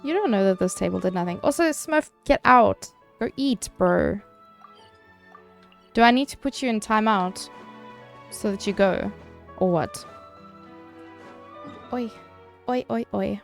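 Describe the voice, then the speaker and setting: A woman streaming a game, chatting casually with her viewers, swearing loosely and answering chat between quick laughs. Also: medium pitch, animated, gravelly, soft background music.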